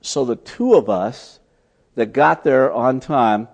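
A man preaching a sermon, telling stories as he teaches, swinging from loud emphatic lines to soft, hushed ones. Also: mid-range voice, slow pace, husky. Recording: long hall reverb.

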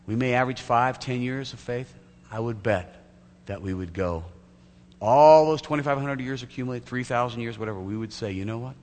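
This pastor's sermon features a vividly told story whose scenes he acts out. His medium-pitched voice is brisk and a little mellow; the church sanctuary recording is echoey, with a faint hum underneath.

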